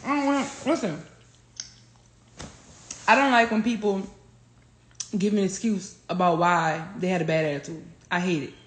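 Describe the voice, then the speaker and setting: A woman, telling stories on a phone livestream in a profane, animated way. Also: fairly low pitch, moderate pace, long pauses. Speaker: livestream host. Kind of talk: casual livestream rant. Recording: roomy echo.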